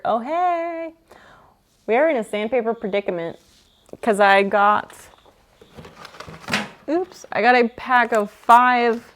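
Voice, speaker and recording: A woman chatting casually with her live-stream viewers while she restores a table, joking and guessing names. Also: mid-range voice. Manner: chatty, joking, talks to chat while working.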